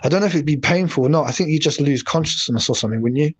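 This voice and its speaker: A man from England runs a loose, rambling livestream, swearing freely and addressing viewers by name. His voice sits a touch higher than most men's. He talks in a casual, meandering way. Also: very fast, breathy edge. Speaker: livestream host. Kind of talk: casual live chat.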